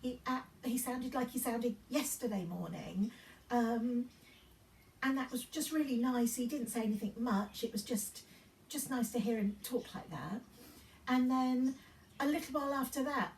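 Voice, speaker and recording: A woman's voice: a little high, moderate pace, darkish tone, slight background noise. Chatty woman, fifties, roomy sound. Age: 50s. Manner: rambling storytelling with many ums and restarts. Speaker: fashion vlogger. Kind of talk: casual vlog chat. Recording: roomy sound from a distance off the mic.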